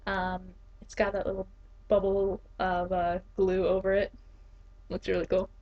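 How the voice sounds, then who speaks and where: A woman's voice: medium pitch, monotone, measured pace, dark tone. A young woman in her twenties, an English teacher, chatting casually to the camera with lots of fillers and laughs. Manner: chatty, giggly, many fillers. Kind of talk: casual vlog talk. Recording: dull lo-fi camera audio.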